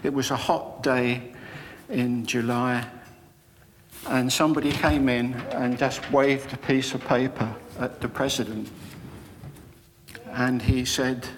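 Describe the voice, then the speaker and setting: An older man preaching a sermon, telling personal stories in a slow, unhurried way. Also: medium pitch, fairly even intonation, long reverb tail. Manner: slow, storytelling delivery with personal anecdotes. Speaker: Methodist preacher.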